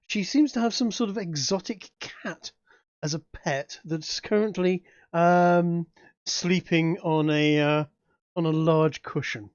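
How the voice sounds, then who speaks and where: A man's voice: high voice, darkish tone, no room sound, dull audio. A man with an English accent, narrating as dungeon master, hesitant with frequent restarts. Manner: hesitant, many fillers and restarts. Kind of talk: narrating a tabletop game.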